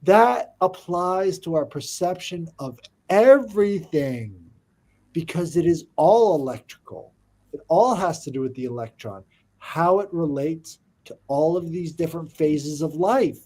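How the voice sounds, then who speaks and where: A man with a somewhat high, mellow voice talks in an easy conversation. He lays out sweeping ideas with emphasis and keeps checking that the other person follows him. The tone is relaxed and warm rather than bright. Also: a little slow. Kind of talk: casual chat.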